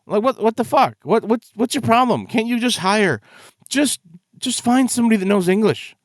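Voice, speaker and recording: A man's voice: high-pitched, animated, moderate pace, no room sound, studio quality. A man hosting a video that reacts to game trailers, ranting in exasperation and swearing freely. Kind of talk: casual reaction commentary.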